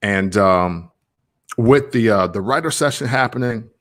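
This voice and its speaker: A low-pitched man in his thirties muses aloud in a relaxed, wandering monologue. He speaks loosely with plenty of slang fillers, like a podcaster thinking out loud. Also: a little slow. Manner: rambling, loose, full of slang asides. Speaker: songwriter and podcaster. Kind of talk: reflective casual monologue.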